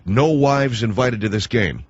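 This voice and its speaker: A man's voice: medium pitch, unhurried, husky, no room sound, muffled recording. A man hosting a radio talk show, pressing his guest with probing, needling questions.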